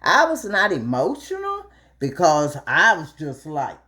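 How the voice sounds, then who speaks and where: A middle-aged woman telling a story casually while cooking, acting out the dialogue with big jumps in her voice. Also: measured pace. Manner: animated, acts out dialogue with big pitch jumps. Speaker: vlogger.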